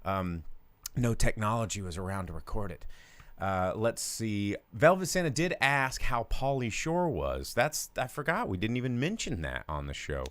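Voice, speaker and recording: A male podcast co-host rambling and joking his way through casual chat, with lots of fillers. His voice is smooth and resonant. It sits close and dry on a studio mic. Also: on the low side, very animated, normal speed, a bit bright, dry recording.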